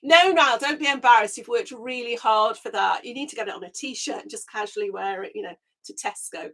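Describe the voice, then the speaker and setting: A woman hosting a casual live gardening chat through her webcam microphone, chatty and quick to laugh, her voice a little squeaky as it recovers. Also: a bit bright. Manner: chatty, laughs often, greets viewers by name. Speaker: gardening channel host.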